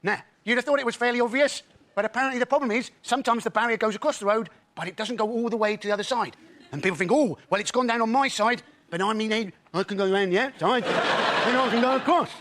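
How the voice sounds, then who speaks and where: A man's voice: extremely high pitch, fast talker. A male comedian on a panel show doing an exasperated observational rant. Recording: studio with loud audience noise.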